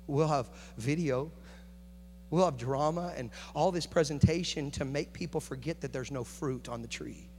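A man preaching a sermon, moving between quiet, confiding talk and loud, rising passion. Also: medium pitch. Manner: builds from hushed to shouting intensity. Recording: echoey hall with faint hum.

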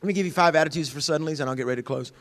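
A middle-aged man preaching in a church, his voice sitting a little high. He swings from loud, excited outbursts to soft, hushed whispers. He plays out quoted voices with a comic flair. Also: racing, in a large hall. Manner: acts out quoted voices with humor. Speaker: pastor. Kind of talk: sermon. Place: church sanctuary.

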